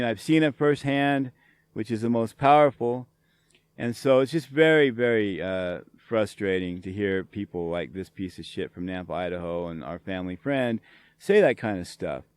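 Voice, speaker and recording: A middle-aged man rants in an angry, profane, sarcastic flow as a show host. His voice is smooth and resonant, and it sits at an ordinary middle pitch. The recording is close and dry, with no room sound. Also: normal speed, darkish tone, no echo. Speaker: podcast host. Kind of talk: ranting solo commentary.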